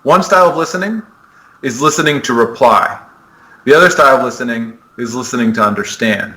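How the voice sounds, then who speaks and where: A man's voice: mid-range voice, fairly quick, bright, forceful tone, low-quality recording. A man, a sport psychologist, earnestly explaining ideas in a podcast interview, often restarting his sentences. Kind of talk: conversational explanation.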